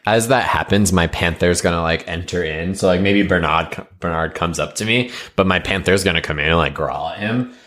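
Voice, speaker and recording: Male tabletop player, deep voice, loose filler-heavy chat. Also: a little fast, few pauses, a bit bright. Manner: casual, full of fillers. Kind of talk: tabletop role-play chat.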